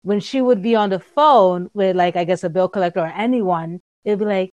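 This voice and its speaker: A woman telling a personal story in casual conversation, doing lively impressions of other people. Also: medium pitch, fairly quick, few pauses, no echo.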